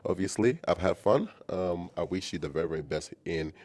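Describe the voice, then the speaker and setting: A man's voice: deep voice, lively intonation, fairly quick, a little mellow. A man hosting a podcast, laid-back and teasing, with casual slangy talk. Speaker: podcast host.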